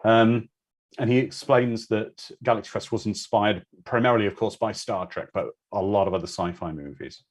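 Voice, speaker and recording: A man's voice: fairly low pitch, normal speed. A man hosting a live watch-party commentary, chatting casually and answering viewer comments.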